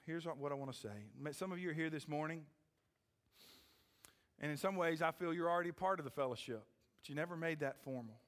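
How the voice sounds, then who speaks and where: A middle-aged man preaching a sermon as pastor, swinging from loud rising questions to hushed lines and checking in with "okay?" and "amen?". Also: a little high, a little fast, big-room sound. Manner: repeats "okay?" and "amen?" to the congregation.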